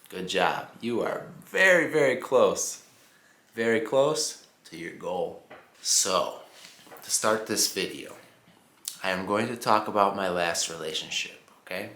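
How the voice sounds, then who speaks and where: An American man teaching English slowly and clearly, repeating phrases and checking in with "okay?" often. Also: sits low, fairly bright tone. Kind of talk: slow, simplified teaching monologue. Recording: roomy echoing room.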